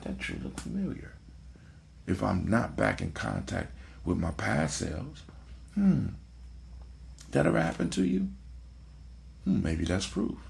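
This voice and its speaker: A man's voice: on the low side, creaky, darkish tone. A man hosting a casual motivational talk, preachy, repeating his phrases and checking in with "right?". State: sleepy, yawning. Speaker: podcast host.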